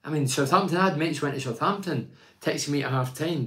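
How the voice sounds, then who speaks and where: Speaking a little fast in a fairly high, pushed, bright voice, this older ex-footballer talks informally about his club and reads out messages from fans. His manner is blunt and opinionated, full of meandering restarts.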